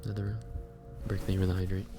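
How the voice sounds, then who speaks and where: A man's voice: deep voice, flat delivery, fast talker, over music. A man hosting a livestream, chatting casually and reflectively while reading out chat messages. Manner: musing, self-reflective, reads chat aloud. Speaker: livestream host.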